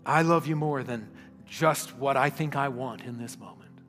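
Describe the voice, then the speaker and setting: A man preaching a sermon, earnest and emphatic, dropping to a hushed, prayerful tone at times. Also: mid-range voice, normal speed. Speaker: pastor. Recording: long hall reverb with faint music.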